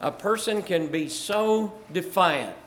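A man's voice: sits high, expressive, takes it slowly, a bit bright. An older man from Virginia, a pastor telling church stories in a folksy way, chuckling and rising to fervor. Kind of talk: storytelling testimony.

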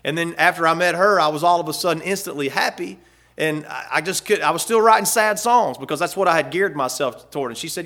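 A man's voice: fairly high pitch, expressive, fast, gravelly, bright, forceful tone. A man preaching a sermon in a folksy way, rising and swelling when he reads scripture aloud. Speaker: pastor.

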